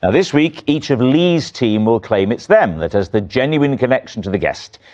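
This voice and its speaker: A man's voice: mid-range voice, very animated, moderate pace, a little mellow. A man hosting a comedy panel show in a TV studio, playful and teasing with the guests. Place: TV studio with live audience. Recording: muffled studio sound, audience noise.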